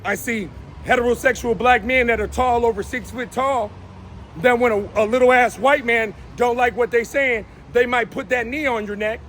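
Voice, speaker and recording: A man hosting his own show stands outdoors on a downtown city street, delivering a fiery live rant that calls people out by name. His very high voice holds a steady tone at normal speed, a bit bright, with slight background noise.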